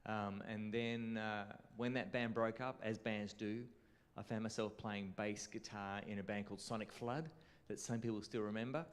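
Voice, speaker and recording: A man's voice: lowish voice, fairly even intonation, normal speed, clear, resonant tone. A man with an Australian accent presenting a conference class in a chatty, informal way, often turning to the audience with questions. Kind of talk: informal teaching talk. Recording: reverberant hall sound.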